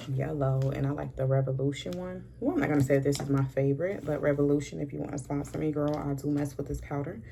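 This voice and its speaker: This thirtysomething beauty vlogger is chatty and sassy as she applies makeup, peppering her talk with "honey." Her low voice is gravelly and warm, with slight background noise.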